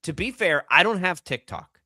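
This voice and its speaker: A middle-aged man ranting in disbelief on a radio sports show, his voice high and swinging widely up and down. The tone is bright and sharp. The studio mic sounds close and dry. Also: moderate pace, no echo. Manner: animated, incredulous ranting. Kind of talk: casual radio banter.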